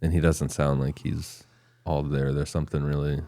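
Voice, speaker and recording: A man's voice: very deep voice, level tone, moderate pace, mellow, no echo, studio quality. A man co-hosting a casual podcast, recounting details of a case in a matter-of-fact way. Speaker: podcast co-host.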